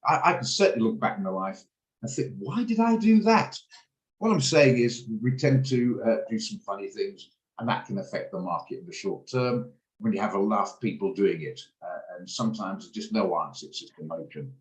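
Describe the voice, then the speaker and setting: A middle-aged man gives relaxed live commentary on trades as host of a trading room, rambling and frequently starting over. His voice is on the low side and a little fast, and the video-call recording is low in quality with an echoey room.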